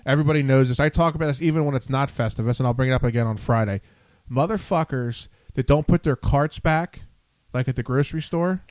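A man's voice: mid-range voice, fast, a little mellow, dry recording. A man hosting a radio show, talking in a blunt, profane, rambling way with lots of restarts. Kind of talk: casual on-air chat.

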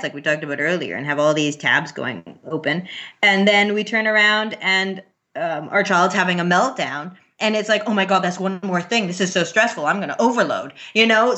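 A woman in her thirties in casual conversation about parenting, earnest and quick to laugh, with many restarts. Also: medium pitch, sharp tone. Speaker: parent guest. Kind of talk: casual podcast chat.

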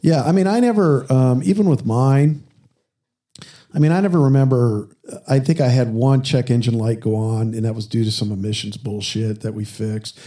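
Mellow-voiced man telling profane stories. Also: mid-range voice, moderate pace. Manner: profane storyteller who acts out quoted exchanges. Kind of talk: casual car chat.

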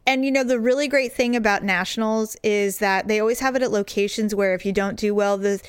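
A middle-aged woman co-hosting a show, telling stories in casual chat, candid and animated with blunt swearing. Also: medium pitch, brisk, clear, resonant tone, no room sound, clean studio sound. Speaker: podcast co-host.

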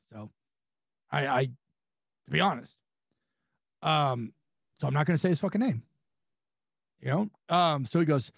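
A man from California spins long, profane anecdotes in casual podcast chat. His voice is gravelly and a bit husky. The sound is dry and close. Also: mid-range voice, no room sound. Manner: profane, rambling, animated anecdotes. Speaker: wrestling guest.

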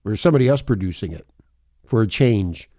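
A man's voice: lowish voice, animated, quick pace, mellow, dry recording, studio quality. A man hosting a shock talk radio show, ranting in a crude, rambling, mocking way with lots of swearing.

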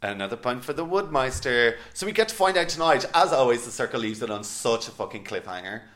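A man co-hosting a podcast, chatting in an animated, casual way and swearing now and then. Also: mid-range voice, quick pace. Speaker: podcast co-host. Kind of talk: casual chat recapping a reality show.

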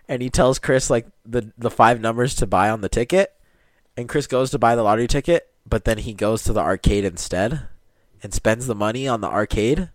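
Young man, podcast co-host, animated, laughs often, dry close mic, mid pitch. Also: normal speed, no room sound. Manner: animated storytelling, swears a lot, laughs often. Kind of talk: casual chat.

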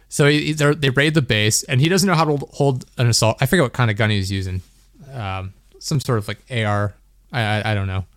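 A man's voice: mid-range voice, a bit bright, no echo, clean studio sound. A young man hosting a podcast, telling a story in a rambling, laughing way, full of "like". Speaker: podcast host. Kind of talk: casual chat.

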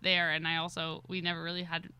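Woman guest telling a story, bright and sharp voice, laughs a lot. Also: on the low side, fast, smooth. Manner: animated storyteller, laughs often. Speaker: podcast guest. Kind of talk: casual storytelling chat.

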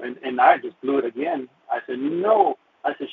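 A man telling an emotional personal testimony in a halting way, restarting and repeating his words. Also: mid-range voice, animated, creaky. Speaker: caller sharing a personal testimony. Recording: tinny phone-like line with faint hiss.

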